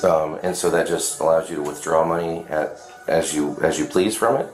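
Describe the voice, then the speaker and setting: A man, a police officer, asking questions calmly, with frequent hesitations and repeated words. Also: a bass voice, normal speed, echoey room, poor audio. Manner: calm, hesitant, repetitive questioning.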